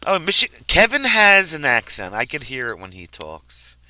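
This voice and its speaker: A man's voice: a little high, wildly swooping pitch, normal speed, pushed and bright. A man from near New York, hosting a casual livestream chat, laughing often and trailing off mid-sentence. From New Jersey, near New York. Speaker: livestream host. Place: RV campground, livestream.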